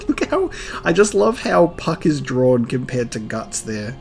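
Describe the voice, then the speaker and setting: A man reacts to a manga he is reading for the first time. He talks slowly and casually, musing aloud with plenty of pauses and fillers. Faint music sits behind his voice. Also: mid-range voice, very animated. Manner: chatty and musing, with frequent laughs and fillers. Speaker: reaction channel host. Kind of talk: casual manga read-along.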